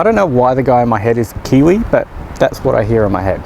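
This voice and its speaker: A man's voice: mid-range voice, sing-song, quick pace, vocal fry, noisy background. Chatty joking man hosting a cooking show. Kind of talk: casual cooking tutorial. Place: outdoors by a barbecue.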